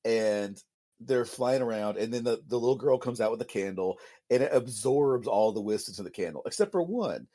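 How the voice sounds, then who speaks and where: A man co-hosting a podcast in casual chat, mocking and animated, acting out quotes and laughing often. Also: mid-range voice, normal speed. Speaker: podcast co-host.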